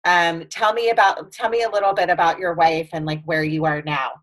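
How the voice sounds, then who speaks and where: A woman's voice: lowish voice, steady tone, brisk. A woman hosting a casual interview, enthusiastic and affirming toward her guest. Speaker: interview host.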